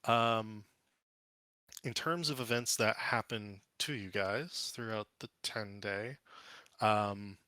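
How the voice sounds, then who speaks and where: A man narrating a tabletop game as game master, casual and relaxed, with plenty of fillers. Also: lowish voice, takes it slowly, dry recording.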